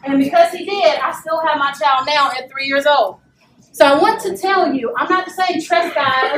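A young woman giving a lively motivational talk to a live audience, often acting out voices and asking them to respond. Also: sits high, moderate pace. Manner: animated, acts out voices and calls for audience response. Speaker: speaker at a parent event. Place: meeting room with live audience. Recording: echoey room, distant mic, faint noise.

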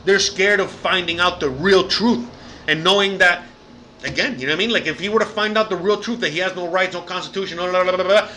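A man's voice: sits high, pushed and bright, slight background noise. A man ranting profanely in a reaction video, repeating "you know what I mean" over and over. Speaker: commentator reacting to clips.

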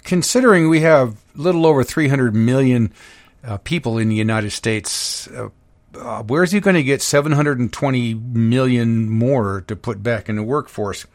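A man's voice: medium pitch, moderate pace, dry recording. A man hosting a casual talk podcast. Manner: loose and conversational, with frequent fillers. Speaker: podcast host.

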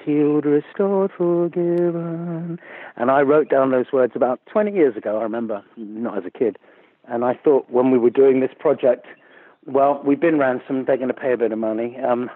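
Guy chatting candidly on a tinny phone line, kinda husky, dry sound. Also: medium pitch, dry recording. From England. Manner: candid, chatty, self-deprecating with laughs. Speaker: musician guest. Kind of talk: casual interview chat. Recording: muffled phone-line interview audio.

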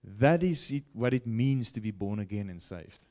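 A man preaching a broadcast sermon, with animated rises and falls and frequent "okay?" check-ins to his listeners. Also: fairly low pitch, moderate pace. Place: broadcast teaching setting.

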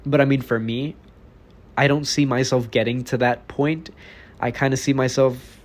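An eighteen-year-old man from Texas hosting his own podcast, talking alone in a rambling, blunt, profane way. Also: mid-range voice. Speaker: podcast host. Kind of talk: casual solo podcast monologue.

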